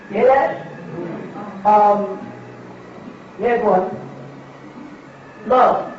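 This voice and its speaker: A man with a strikingly high voice delivers a lecture, pressing his points by repeating them and asking his listeners rhetorical questions. He is recorded from a distance in a very echoey space. The sound is dull and lo-fi, with a faint hiss underneath. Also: very slow, long pauses.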